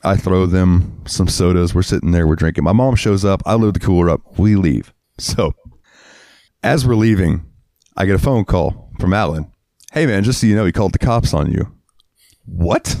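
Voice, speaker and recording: A man's voice: sits low, moderate pace, gravelly, dark tone, no echo, studio quality. A man co-hosting a podcast, telling a heated, profane story in casual chat and acting out what people said. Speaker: podcast co-host.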